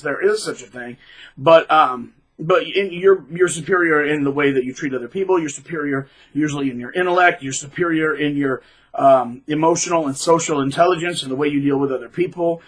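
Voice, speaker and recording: A man hosting his own channel, giving rambling, emphatic casual advice, with sudden loud bursts of emphasis. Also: on the high side, rough recording. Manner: rambling, with frequent restarts. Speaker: channel host.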